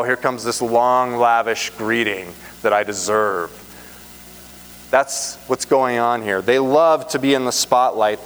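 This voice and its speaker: A man's voice: medium pitch, clear, resonant tone. Earnest man preaching in a reverberant hall. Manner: earnest, emphatic, repeats phrases for stress. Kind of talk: sermon. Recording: reverberant hall, faint hum.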